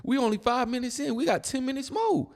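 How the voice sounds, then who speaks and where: A man's voice: very high voice, brisk, big-room sound. A man hosting a reaction video, giving blunt, mocking casual commentary on clips. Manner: blunt, mocking, keeps saying "bro".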